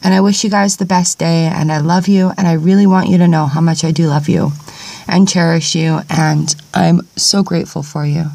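A woman's voice: fairly low pitch, steady tone, normal speed, creaky, warm tone, no echo. Gushing woman vlogging outdoors. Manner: gushing, grateful, affectionate to viewers. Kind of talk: casual outdoor vlog talk. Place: outdoors in cold wind at sunrise. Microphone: tablet camera.

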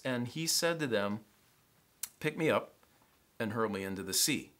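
Bright-voiced man preaching a sermon. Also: mid-range voice, moderate pace, pauses often. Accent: Southern American. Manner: animated, acts out the sailors' panic in a raised voice. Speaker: pastor. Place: church sanctuary.

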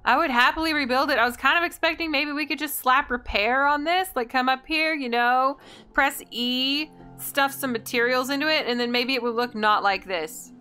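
Bright-voiced woman musing through gameplay. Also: high voice, normal speed, smooth, soft background music. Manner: chatty, thinking aloud, indecisive. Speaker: gameplay video host. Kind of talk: casual let's-play commentary.

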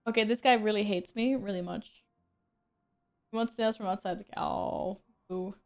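A woman's voice: medium pitch, fairly even intonation, moderate pace, darkish tone, faint music behind. A woman streaming a game, chatting casually with viewers, joking at her own expense and laughing often. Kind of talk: casual gameplay stream chat.

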